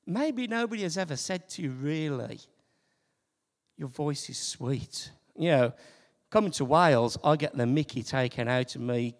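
Gravelly, lively man preaching in a hall. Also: a little high, a little slow. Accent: Birmingham. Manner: animated, swings from loud to soft near-whisper. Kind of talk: sermon. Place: church hall. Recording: reverberant hall.

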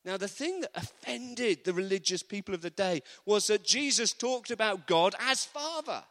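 A man preaching a sermon, animated, acting out quotes with humorous asides. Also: high voice, moderate pace. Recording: long reverb of a large hall.

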